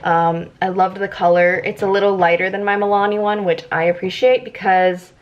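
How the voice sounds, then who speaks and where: A young woman vlogging casually about her makeup, excitable and giggly, chatting as she works. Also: medium pitch, moderate pace. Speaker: beauty vlogger. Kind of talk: casual makeup tutorial chat. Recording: slightly dull lo-fi audio.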